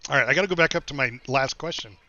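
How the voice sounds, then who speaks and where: Easygoing middle-aged man streamer, bright voice. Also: medium pitch, racing, no room sound, lo-fi sound. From United States. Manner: easygoing, laughs often, rambling with restarts. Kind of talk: casual chat while gaming.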